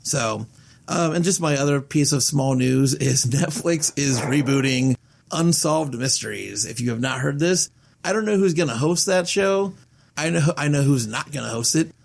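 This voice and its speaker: A man hosting a horror movie podcast, chatting casually and rambling with animated asides and casual swearing. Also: a little high, normal speed, creaky. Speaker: podcast host. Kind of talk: casual chat.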